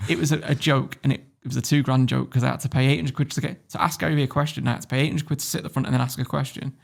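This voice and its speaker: A man with a British English accent, a podcast guest telling a story in a blunt, sweary and animated way. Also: mid-range voice, racing, gravelly. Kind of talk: casual storytelling.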